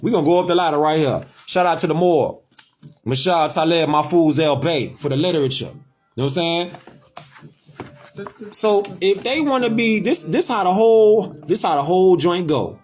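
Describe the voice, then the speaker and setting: A man's voice: a little high, lively intonation, normal speed, darkish tone, faint music behind. A man hosting a casual talk, speaking emphatically and with swearing, repeating his points. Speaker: host. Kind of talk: casual conversation, preachy.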